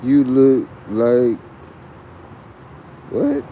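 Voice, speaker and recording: A man's voice: medium pitch, wildly swooping pitch, very slow, warm tone, a little hiss or hum. Swaggering Texan man, muffled lo-fi sound. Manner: boisterous, swaggering and profane. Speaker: livestream host. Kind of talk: rambling casual livestream chat.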